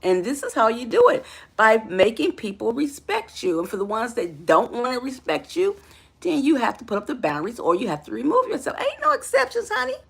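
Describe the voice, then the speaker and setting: Gravelly, animated woman life coach. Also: fairly high pitch, fairly quick. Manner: emphatic, calls listener honey and baby. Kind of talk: motivational talk to camera.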